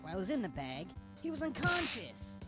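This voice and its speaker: A voice actor playing a confident cartoon defense lawyer who dramatically lays out accusations in a game. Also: female voice, mid-range voice, huge pitch swings, a little fast, music in the background. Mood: accusing. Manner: theatrical, accusing, dramatic reveals.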